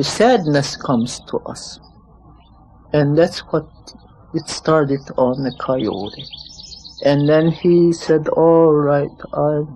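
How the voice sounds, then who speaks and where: A storyteller telling a traditional legend in a slow, plain, unhurried way. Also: medium pitch, mellow, slight background noise, low-quality recording.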